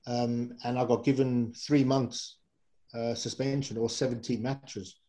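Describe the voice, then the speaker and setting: A middle-aged man from England with a warm, mellow voice spins loose, rambling stories as an interview guest. He wanders through fillers and self-corrections in an easygoing, conversational way. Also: mid-range voice, level tone, unhurried, poor audio. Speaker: guest, former rugby player. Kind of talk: casual anecdotal storytelling.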